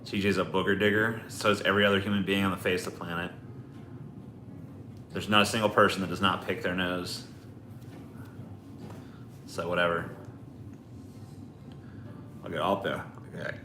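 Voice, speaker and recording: Streamer guy rambling and swearing, low-ish sharp voice, echoey room with a bit of music. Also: fairly even intonation, normal speed, pauses often, a little hiss or hum. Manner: profane, rambling, blunt. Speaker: livestream host. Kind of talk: casual stream chat.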